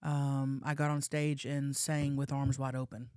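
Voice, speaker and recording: A woman co-hosting a podcast, telling a story in a casual, animated way, acting out the voices of the people in it and slipping in crude jokes. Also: a bass voice, a little slow, no room sound, clean studio sound. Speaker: podcast co-host. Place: podcast studio.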